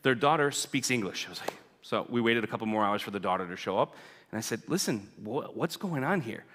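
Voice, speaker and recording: A man's voice: fairly low pitch, lively intonation, fairly quick, a bit bright. Man telling a story in a big echoing hall. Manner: chatty, keeps asking "right?". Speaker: guest speaker. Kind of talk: storytelling talk to a congregation. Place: church sanctuary. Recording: long reverb in a big hall.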